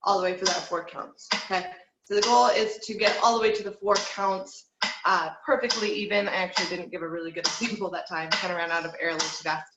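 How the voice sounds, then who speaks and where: Woman, vocal teacher, encouraging, counts aloud, roomy echo, loud background hiss. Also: medium pitch, fairly even intonation, quick pace. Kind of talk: online singing lesson, guiding breathing exercises. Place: home room.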